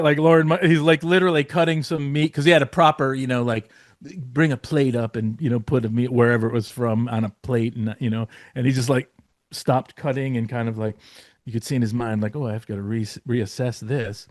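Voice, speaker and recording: A man's voice: medium pitch, steady tone, a little fast, dry recording, clean studio sound. A man, a guest writer, telling a backstage story in a rambling, casual way, full of fillers, restarts and swearing.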